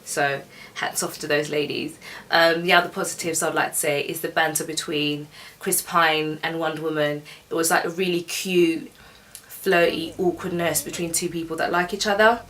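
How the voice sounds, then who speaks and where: A woman's voice: low-pitched, fairly even intonation, moderate pace, a bit bright, recorded from a distance. A young woman giving a casual, chatty, opinionated film review, laughing as she goes.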